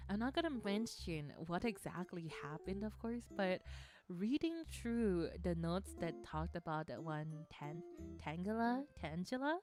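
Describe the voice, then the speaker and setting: A woman's voice: lowish voice, very animated, measured pace. A young woman streaming a game, gushing and giggling, slipping into Japanese words as she plays. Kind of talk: casual game stream commentary. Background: game music.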